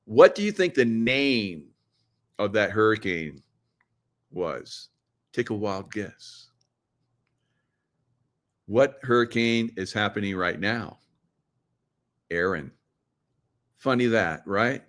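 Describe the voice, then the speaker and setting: A man's voice: lowish voice, expressive, takes it slowly, pauses often, a bit bright. A middle-aged man hosting a casual livestream monologue in a conspiratorial tone. He talks straight to his viewers, asks them questions and laughs at his own jokes. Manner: conspiratorial, joking asides, laughs at own lines. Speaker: show host.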